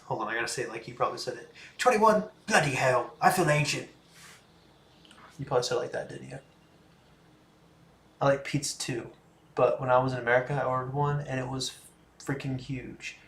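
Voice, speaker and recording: A man in his twenties hosts a casual livestream from a room in his home, answering viewer questions in a laid-back, chatty way that often trails off. His mid-range voice is flat, fast and creaky, with long pauses and a slightly bright tone, in an echoey room.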